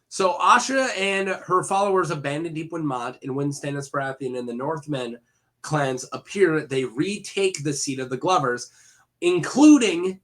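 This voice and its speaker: A man's voice: fairly high pitch, bright, forceful tone. Rambling man retelling fantasy lore. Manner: rambling, with many fillers and self-corrections; jokey asides to the viewer. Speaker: lore video host.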